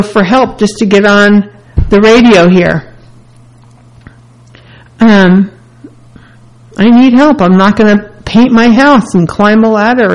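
A woman's voice: mid-range voice, darkish tone, low-quality recording. Earnest woman radio host. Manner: earnest, candid, speaks in short repeated phrases. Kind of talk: self-help radio talk.

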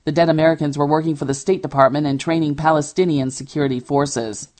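A woman reads a radio news bulletin in a crisp, measured delivery. Her voice sits low for a woman and stays steady from story to story. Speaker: news anchor.

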